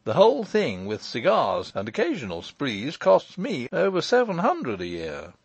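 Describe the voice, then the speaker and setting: A man's voice: a little high, wildly swooping pitch, moderate pace, husky, dry recording, voice pushed up, exaggerated voice. A man reading the part of a breezy, good-humoured young lawyer with a teasing manner. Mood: jaunty.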